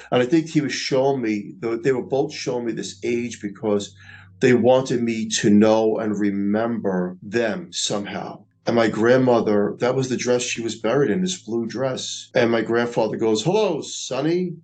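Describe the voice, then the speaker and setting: A middle-aged man, earnestly recounting a personal experience in a slow, reflective way. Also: lowish voice, darkish tone, low-quality recording. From Staten Island, New York. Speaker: near-death experiencer. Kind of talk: personal storytelling.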